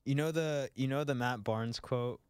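A man's voice: medium pitch, normal speed, darkish tone, clean tone, no room sound, clean studio sound. A man chiming in on a sports talk radio show in an offhand, chuckling way.

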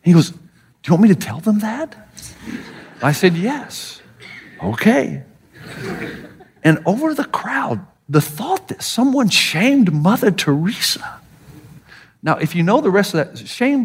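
Southern pastor guy preaching, voice jumps all over, pretty high for a man, acts out the quotes. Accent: American Southern. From Southern United States. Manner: animated storytelling, voicing quoted people. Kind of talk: sermon.

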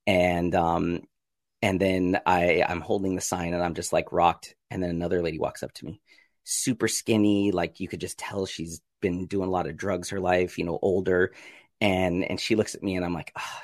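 A man, a podcast guest, telling his story in a casual interview, acting out his own reactions with sudden jumps in pitch and frequent laughs. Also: fairly even intonation, moderate pace, no room sound, studio quality.

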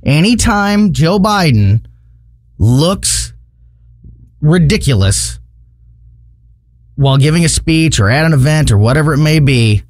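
A man's voice: on the high side, lively intonation, a little slow, long pauses, no room sound, clean studio sound. A man co-hosting a talk radio show, giving opinionated commentary in an indignant, mocking way.

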